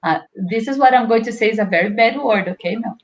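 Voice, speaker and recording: A woman from Brazil with a Brazilian Portuguese accent, a language teacher telling animated stories in a casual interview. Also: on the high side, dull audio. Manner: animated storytelling, quick bursts.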